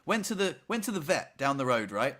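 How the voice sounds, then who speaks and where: A man's voice: mid-range voice, very animated, a little fast, fairly bright tone. A man co-hosting a casual podcast chat. He rambles through his stories and keeps ending lines with a checking "right?". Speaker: podcast co-host.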